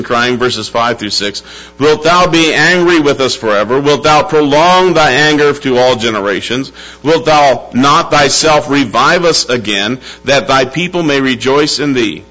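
Male pastor, emphatic sermon delivery, slow and deliberate, bright timbre. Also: mid-range voice. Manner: emphatic preaching, slowing to stress words, calling out to the church. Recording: dull lo-fi sound with faint music and hum.

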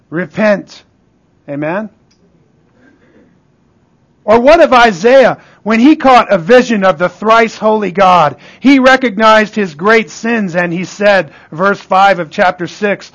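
Male pastor, high voice, emphatic sermon delivery, call-and-response. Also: animated, a little slow.

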